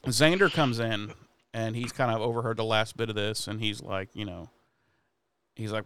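Smooth-voiced man recapping casually. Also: mid-range voice, normal speed, no echo. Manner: profane, animated retelling with quoted voices. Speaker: podcast co-host recapping an episode.

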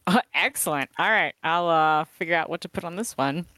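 A woman's voice: lowish voice, brisk, pushed and bright, dry recording. A woman playing her character in a tabletop game, in a playful, giggly manner. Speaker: player.

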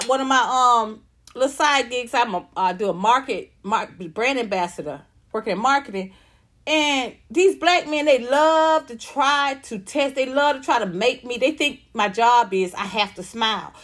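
A woman's voice: a little high, a bit bright. A woman in her fifties, a comedian, ranting to viewers on a livestream, profane, repetitive and fired up. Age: 50s.

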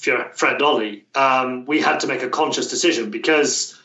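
A man's voice: mid-range voice, moderate pace, pushed and bright. British man, distant and roomy. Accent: British English. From Britain. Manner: chatty, frequent restarts and fillers. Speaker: guest, language coach. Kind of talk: casual interview chat. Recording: roomy, distant, dull remote-call sound.

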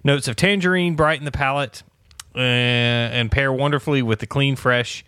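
A man co-hosting a casual beer podcast, laughing often and agreeing quickly. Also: medium pitch, steady tone, sharp tone, smooth, no echo, studio quality. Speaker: podcast co-host. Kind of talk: casual chat.

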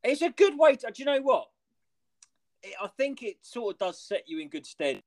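A man's voice: very high voice, big pitch swings, moderate pace. A man hosting a podcast, telling a rambling anecdote in casual chat, swearing freely and using lots of "like". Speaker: podcast host.

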